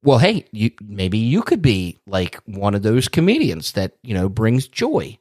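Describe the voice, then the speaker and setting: A man's voice: on the low side, huge pitch swings, unhurried, a little mellow, no echo, studio quality. A man hosting a casual podcast chat, teasing his co-host in an easygoing way and laughing along.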